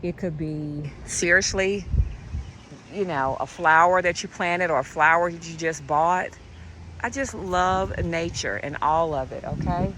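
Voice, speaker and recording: A woman, vlogging casually outdoors in her yard and chatting to her viewers, often dropping to a soft hush. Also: fairly low pitch, measured pace, a little hiss or hum, poor audio. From United States. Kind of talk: casual chat to camera.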